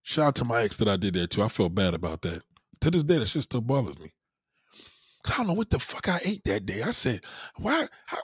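A man hosting a podcast, telling crude stories in an animated, profane monologue. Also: on the low side, fast, husky, no echo, clean studio sound. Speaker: podcast host. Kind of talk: casual comedic monologue.

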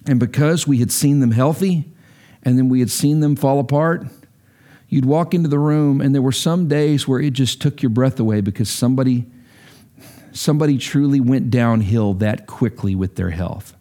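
A man's voice: mid-range voice, warm tone. A middle-aged man preaching a sermon as a pastor, earnest and emphatic, his delivery rising sharply when stirred.

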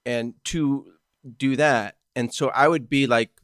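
A man hosting a casual podcast chat, relaxed and conversational. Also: medium pitch, measured pace, no room sound, studio quality.

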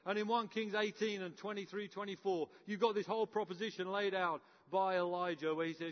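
High-voiced preacher in a reverberant hall. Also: male voice, fairly even intonation, fairly quick, few pauses. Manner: storytelling, acts out characters with playful humour. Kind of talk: sermon. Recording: muffled with long hall reverb.

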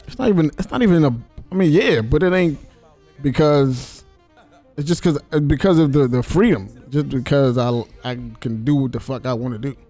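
A man talks quickly in a casual podcast conversation. He rambles, restarts and swears freely. Faint music sits under his voice. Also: fairly high pitch, expressive, dark tone. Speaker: podcast host.

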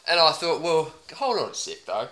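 A man putting on a crude, laid-back bloke character with a broad put-on Australian accent, talking in a low, deadpan, rambling way. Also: moderate pace, slight background noise. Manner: deadpan, rambling, swears a lot. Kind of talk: improvised comedy character.

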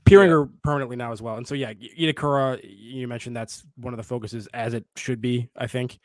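A man's voice: medium pitch, steady tone, quick pace, dry recording, studio quality. A man co-hosting a football podcast, chatting casually with lots of fillers and restarts. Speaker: podcast co-host.

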